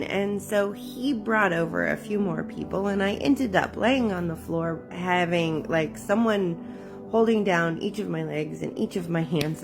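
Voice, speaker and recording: A woman telling her own story of fear and prayer in a candid, halting way, with many fillers and emotional pauses. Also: fairly low pitch, vocal fry. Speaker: memoir narrator. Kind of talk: personal testimony, casual storytelling.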